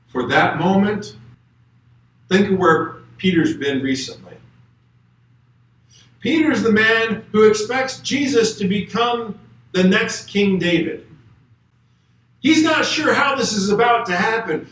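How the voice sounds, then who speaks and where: A man's voice: high voice, a bit bright. A man guest preacher giving a conversational, emphatic sermon in a church and reading scripture aloud. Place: church sanctuary. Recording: echoey church hall from far off.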